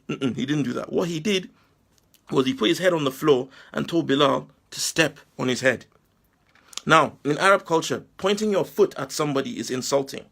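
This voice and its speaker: A Nigerian man giving a forceful, preachy monologue full of rhetorical questions. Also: fairly high pitch, brisk, gravelly, husky. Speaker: Muslim commentator. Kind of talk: impassioned video monologue.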